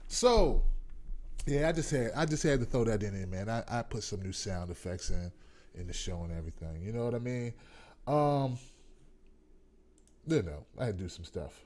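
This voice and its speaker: A man in his forties hosting a comedic talk show, talking in an animated, profane way and acting out voices. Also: fairly low pitch, normal speed, long pauses, a little hiss or hum. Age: 40s. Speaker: host.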